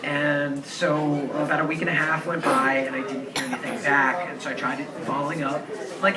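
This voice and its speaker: A man's voice: fairly high pitch, little pitch movement, normal speed, recorded from a distance. A young man in his twenties telling a rambling, earnest story with lots of "like" fillers at a live show in a bar. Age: 20s. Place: crowded bar. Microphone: distant handheld camera. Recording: roomy bar recording from afar, crowd chatter.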